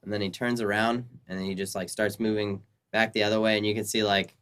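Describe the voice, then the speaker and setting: A man's voice: on the low side, level tone, fast, fairly bright tone, clear, resonant tone. A young man narrating as dungeon master, rambling through descriptions full of ums and uhs. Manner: rambling, filler-heavy descriptions. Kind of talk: narrating a tabletop game.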